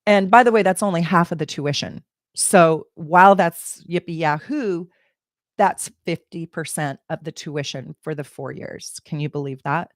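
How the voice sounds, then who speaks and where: A middle-aged woman, an astrologer, telling a personal story in an animated, emotional way, laughing and exclaiming. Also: deep voice, normal speed, no room sound, studio quality. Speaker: astrologer and channel host. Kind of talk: casual personal storytelling to camera.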